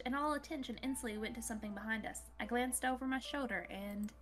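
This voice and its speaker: A woman's voice: on the high side, fast, a bit bright. A woman reading a visual novel aloud to friends. She narrates playfully and breaks off to joke.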